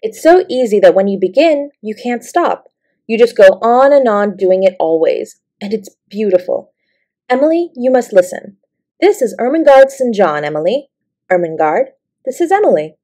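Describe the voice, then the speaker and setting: A woman voicing a clever, imaginative little girl in a storybook reading, in a lively, eager way. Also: medium pitch, moderate pace.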